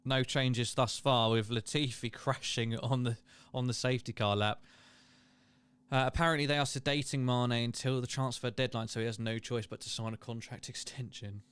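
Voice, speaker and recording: A man's voice: medium pitch, fairly even intonation, normal speed, fairly bright tone, clean tone, dry recording. A man hosting a casual live watchalong, chatting and reading viewer comments aloud. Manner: chatty, reads chat aloud, laughs and exclaims. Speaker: livestream host.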